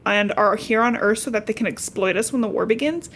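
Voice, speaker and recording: A woman's voice: mid-range voice, fairly quick, a bit bright, a little hiss or hum, lightly acted. Woman doing a nasal nerdy teen boy. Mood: eager. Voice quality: nasal, pinched nose. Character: nerdy teenage boy, eager know-it-all.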